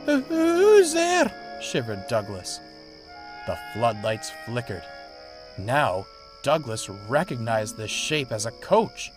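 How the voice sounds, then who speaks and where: A man narrating a read-aloud story in a measured, expressive way. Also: fairly low pitch. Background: music.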